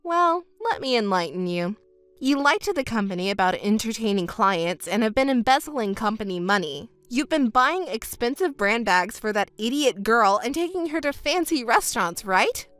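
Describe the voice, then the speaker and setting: A woman reading as a betrayed wife in a texting story, scornful, sharp and mocking. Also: a little high, expressive, normal speed, no echo, faint music behind. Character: betrayed wife, adult woman, cold and cutting.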